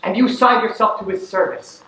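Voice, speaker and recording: A teen actor playing a stern interrogating judge. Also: male voice, sits high, fairly even intonation, bright, forceful tone, slight background noise. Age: late teens. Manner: measured, commanding questioning. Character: stern male judge, cold and pressing. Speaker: student actor. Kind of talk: stage acting in a school play. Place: school stage hall. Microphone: distant camera in the audience. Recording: echoey hall from far off.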